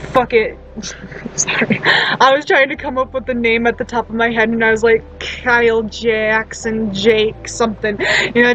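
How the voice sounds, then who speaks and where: This storytime vlogger has a somewhat high, fairly bright voice and tells her story bluntly, with swearing and lots of laughs. She rambles loosely, filling in gaps and starting over often, and the recording quality is low.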